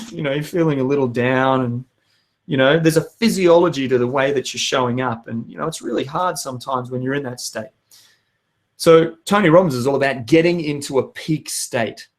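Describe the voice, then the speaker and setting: A hoarse young man giving an energetic motivational talk to his viewers, with emphatic outbursts. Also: medium pitch, moderate pace. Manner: energetic, emphatic, bursts into loud shouts. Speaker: vlogger.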